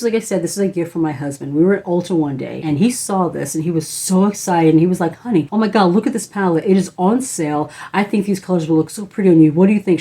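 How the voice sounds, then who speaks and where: A woman's voice: low-pitched, warm tone. A woman beauty vlogger, likely in her thirties, from the United States, chatting casually and gushing enthusiastically about eyeshadow palettes. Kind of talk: casual product review.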